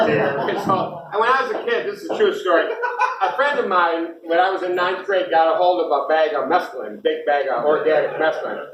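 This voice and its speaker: A man's voice: high-pitched, a little hiss or hum. A middle-aged man performing live in a small bar, telling stories and crude jokes with a lot of laughter, recorded from a distance in a roomy space. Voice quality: animated, profane, laughing through punchlines. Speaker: singer-songwriter performing live. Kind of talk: live stage storytelling and jokes.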